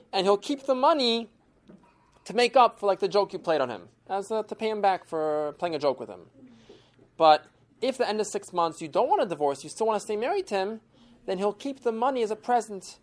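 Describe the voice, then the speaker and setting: Woman doing a measured elderly rabbi; deliberate, authoritative. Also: medium pitch, a little mellow, voice pushed up, close to an everyday voice. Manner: measured, deliberate, pronouncing judgment. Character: wise, respected elderly rabbi, calm and authoritative.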